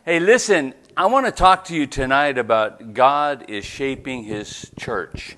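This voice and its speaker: A pastor preaches a church sermon in a medium-pitched, expressive voice with a sharp tone, speaking a little slowly. His style is conversational, and he keeps checking in with the congregation through frequent "right?" asides.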